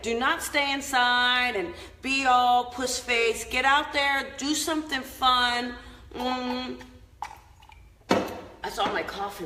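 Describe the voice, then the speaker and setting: A woman's voice: fairly high pitch, pushed and bright. Chatty upbeat woman in an echoey room. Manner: upbeat, chatty, laughs often. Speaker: host of a live inspirational show. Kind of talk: casual live-stream chat.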